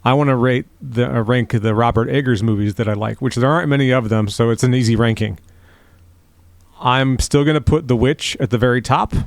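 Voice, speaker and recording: A man co-hosting a podcast, crude and quick to laugh in casual movie talk. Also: medium pitch, gravelly, no echo. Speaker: podcast co-host. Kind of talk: casual chat.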